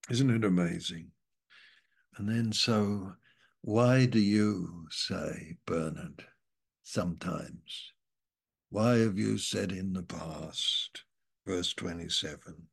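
A man preaching an informal sermon that explains Bible verses, rambling and saying "you know" often, dropping at times from loud to hushed. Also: low voice, slow pace, vocal fry, slightly rough.

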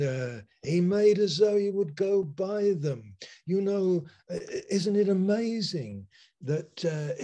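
Male preacher, sermon over video call, unhurried and emphatic, builds from hushed to loud. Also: on the high side. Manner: slow, emphatic preaching with dramatic pauses and swings in loudness.

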